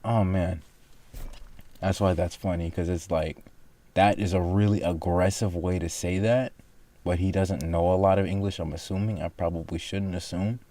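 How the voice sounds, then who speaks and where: A man's voice: low-pitched, steady tone, moderate pace, dark tone. A man hosting a reaction video, talking casually and rambling through his thoughts with frequent self-corrections.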